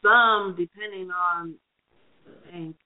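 A woman's voice: fairly low pitch, steady tone, takes it slowly. A woman co-hosting a podcast who gives money advice in a casual, rambling way, full of "you know"s. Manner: rambling, thinks aloud with many "you know"s. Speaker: podcast co-host. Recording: phone-like lo-fi recording.

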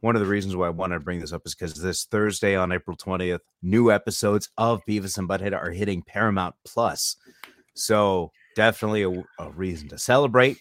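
Low-voiced male podcast host, dry sound. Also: a little fast, no room sound. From California. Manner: jokey, rambling, asks the guests questions. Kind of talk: casual podcast chat.

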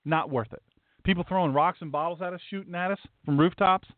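A man's voice: high voice, steady tone, fast talker, no room sound. A male host delivering a blunt, emphatic, sarcastic talk-show monologue. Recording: tinny phone-like, dry.

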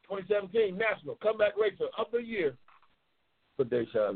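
A man's voice: high voice, lively intonation, brisk, long pauses, husky. Profane trash-talking man, tinny phone line. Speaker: talk show host. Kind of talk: casual live call-in banter.

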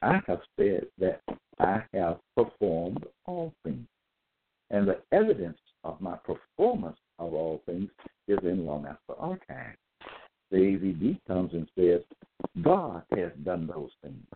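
A man's voice: deep voice, big pitch swings, measured pace, vocal fry, a little hiss or hum. A man giving a solo lecture, reading out verses, repeating his points and asking listeners whether they got it. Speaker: self-styled preacher. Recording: tinny phone-like audio.

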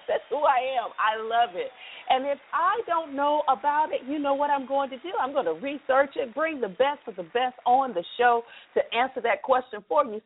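A woman's voice: sits high, breathy edge. A middle-aged woman hosting a live internet radio talk show in an upbeat, chatty way, explaining things step by step over a phone line.

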